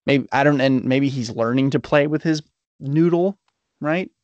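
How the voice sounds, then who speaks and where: A man's voice: medium pitch, moderate pace, a little mellow, dry recording, muffled recording. A man in casual sports chat, teasing and arguing with his co-host and swearing freely. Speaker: podcast co-host.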